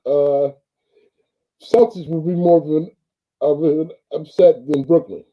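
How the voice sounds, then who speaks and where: A man's voice: a little high, fairly even intonation, unhurried. Laid-back football coach guy, keeps saying man and bro, muffled lo-fi audio. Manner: easygoing, says "man" and "bro" often. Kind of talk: casual sports talk.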